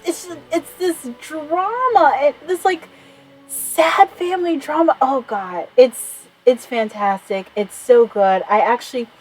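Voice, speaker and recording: A woman's voice: mid-range voice, darkish tone, breathy edge, rough recording. A woman in her thirties rambling in a casual vlog chat, enthusiastic and swearing freely. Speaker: vlogger.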